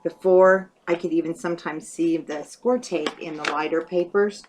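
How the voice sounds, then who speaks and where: A woman's voice: on the low side, fairly even intonation, normal speed, noisy background. A woman casually talking through a paper craft project step by step, thinking aloud as she works. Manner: chatty, thinks aloud while working. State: hiccups. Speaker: craft tutorial host.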